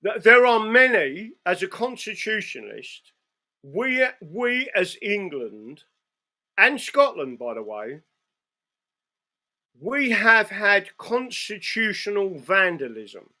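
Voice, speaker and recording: High, indignant man heckling with challenges. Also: very animated, takes it slowly, bright, forceful tone. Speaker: commentator interrupting the interview.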